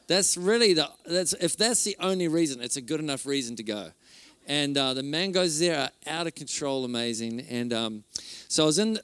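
A male pastor tells stories from a conference stage, slightly higher-pitched than most men. He speaks in an animated, excitable way, full of ums and restarts. The sound is dry and close, with no echo. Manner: animated, excited storyteller, laughs and fillers. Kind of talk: conference sermon storytelling.

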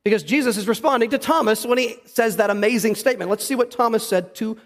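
A man's voice: high voice, fast, long reverb tail. A man preaching a sermon in church, talking conversationally and putting questions to the congregation. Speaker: pastor. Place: church sanctuary.

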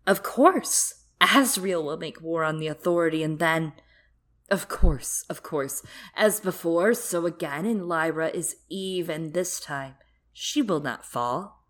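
A ruthless, scheming woman speaks with cool command, her voice low and loud in her demands, as a woman reads her part aloud. She sounds imperious and sure of herself. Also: slow pace. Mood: gleeful. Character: cold scheming woman, coolly ruthless mother.

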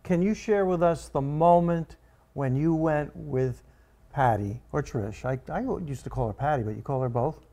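A man's voice: fairly high pitch, normal speed, mellow. A man hosting a casual interview chat, asking curious, prodding questions. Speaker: podcast host.

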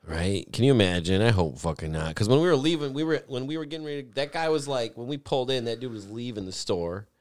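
A man tells a story animatedly in casual chat, talking fast with hardly any pauses in a medium-pitched voice. He swears often and acts out the voices of the people involved. The recording is dry.

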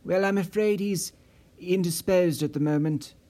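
A man's voice: high-pitched, moderate pace, warm tone, natural voice. A man voicing a nervous male office supervisor who stammers and hesitates, raised a little above his own voice. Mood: flustered.

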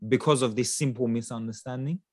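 A man casually retelling film scenes to a friend, animated and sprinkled with swearing. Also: mid-range voice, fairly quick, dry recording, clean studio sound.

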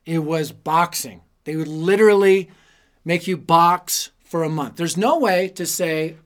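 High-voiced man preaching with comic stories. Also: unhurried. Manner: animated, self-deprecating, punchy comic timing. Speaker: youth ministry preacher. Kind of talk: humorous storytelling sermon.

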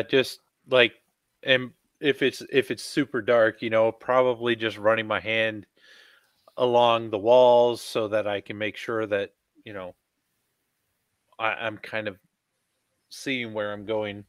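A man playing a tabletop game, talking through his character's moves in a relaxed way. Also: lowish voice, slow, smooth, no room sound. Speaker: player. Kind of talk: casual game chat.

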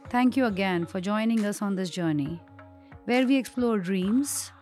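A woman co-hosting a podcast, speaking in a calm, measured, reflective way. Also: mid-range voice, soft background music. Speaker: podcast co-host. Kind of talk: casual chat.

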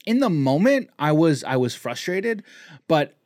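A man's voice: on the high side, very animated, unhurried, darkish tone, dry recording, clean studio sound. A man co-hosting a casual podcast, talking in loose rambling sentences full of restarts and fillers. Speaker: podcast co-host.

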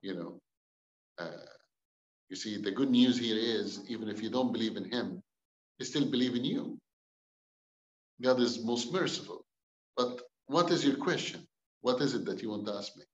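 A pastor telling his story with drama, acting out both sides of a conversation and slipping in dry jokes. His mid-pitched male voice sounds dull and roomy, as if caught in an echoing space. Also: moderate pace, long pauses. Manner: dramatic, acts out quoted dialogue, wry jokes. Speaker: pastor and guest. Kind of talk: storytelling testimony.

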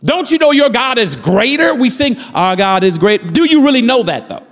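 A man's voice: extremely high pitch, big pitch swings, moderate pace, big-room sound. A man preaching a fervent sermon as pastor, repeating phrases and building with rising calls to the congregation.

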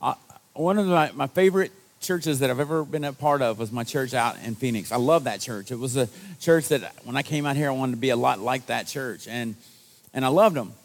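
During a church service, a male pastor with a mid-range voice preaches briskly to his congregation, telling stories in a conversational, self-deprecating way.

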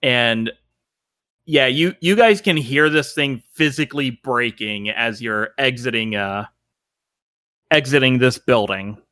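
Slow, halting game master, bright voice. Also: male voice, medium pitch, no room sound, clean studio sound. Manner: halting, many fillers. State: itchy throat. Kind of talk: narrating a tabletop game.

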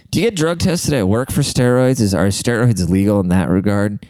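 A man's voice: on the low side, lively intonation, fairly quick, darkish tone, no room sound. A young man rambling in a casual, profane, self-deprecating monologue as a podcast host.

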